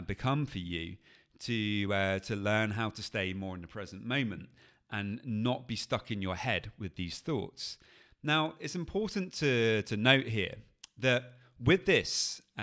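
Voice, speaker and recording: A man with a fairly low voice talks listeners through a coping technique. His delivery is calm and patient, unhurried and explanatory, like a coach on his own podcast. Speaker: anxiety coach. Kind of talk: podcast teaching.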